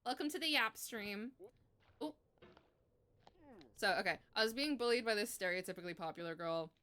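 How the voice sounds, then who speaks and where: A woman in her twenties streaming live, telling a story in casual chat, animated, swearing freely and laughing as she goes. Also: medium pitch, fast talker, clean tone.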